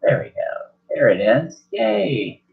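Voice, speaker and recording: Man, game master, mid-pitched, rambling, self-correcting, muffled lo-fi sound. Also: very animated, takes it slowly, vocal fry. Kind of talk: narrating a tabletop game. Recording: dull lo-fi recording.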